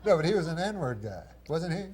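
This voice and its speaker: A man, a guest comedian, telling a rambling anecdote in a dry, halting way, with chuckles and mimicked voices. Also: a little high, big pitch swings, crowd noise.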